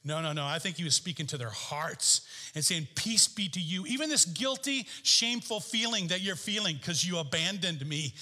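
A man preaching a sermon as pastor, emphatic and repeating key phrases, his pitch swinging up and down. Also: expressive, normal speed, sharp tone, big-room sound. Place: church sanctuary.

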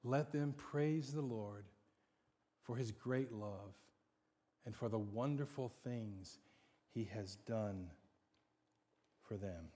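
A man preaching a sermon, dramatic, swinging from hushed to loud. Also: on the low side, takes it slowly, pauses often. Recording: long hall reverb.

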